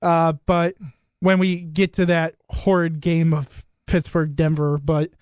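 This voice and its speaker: A man's voice: fairly high pitch, little pitch movement, slow, darkish tone, clear, resonant tone, dry recording, clean studio sound. A young man hosting a radio sports show, teasing his co-hosts in casual banter. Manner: teasing, wry, lots of restarts. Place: radio studio.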